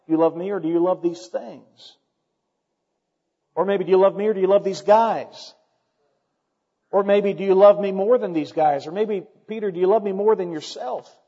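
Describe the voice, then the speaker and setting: Emphatic preacher man in a hall. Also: high voice. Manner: emphatic, rising to loud repeated questions. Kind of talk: sermon. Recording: dull long hall reverb.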